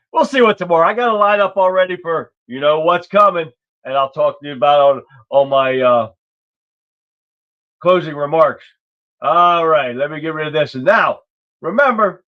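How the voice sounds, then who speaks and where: A man's voice: a little high, a bit bright. Blunt, rambling livestream host, a man. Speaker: livestream talk show host. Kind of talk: casual political commentary. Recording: dull lo-fi stream audio.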